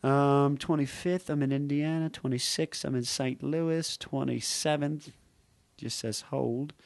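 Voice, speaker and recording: A man's voice: mid-range voice, steady tone, unhurried, gravelly, darkish tone, no echo. A man, a comedian guest on a podcast, chatting casually and joking, slipping into impressions. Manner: joking, playful, slips into impressions.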